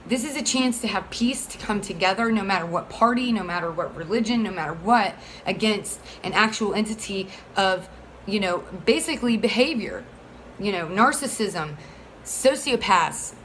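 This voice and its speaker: A woman's voice: medium pitch, lively intonation, normal speed, a bit bright, a little hiss or hum, low-quality recording. A woman speaking as a single mother, pleading earnestly for support of a bill in a rambling, heated way full of fillers. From Florida. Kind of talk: casual advocacy monologue.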